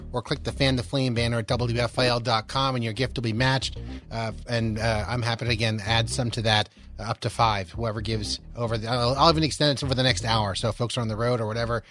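A man's voice: mid-range voice, a bit bright. A man hosting a radio talk show, friendly and upbeat, reading a phone number and chatting with a guest.

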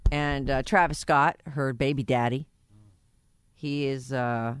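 A woman hosting a radio show, chatting casually and gossiping with an animated, laughing delivery. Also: a bass voice, slow pace, smooth, no room sound. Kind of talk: casual morning-show chat.

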